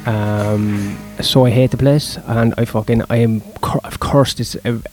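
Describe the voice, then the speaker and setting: A man's voice: medium pitch, fairly even intonation, measured pace, darkish tone, soft background music. Profane, rambling comedian man. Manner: profane, self-deprecating, rambling. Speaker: stand-up comedian. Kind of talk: casual vlog monologue.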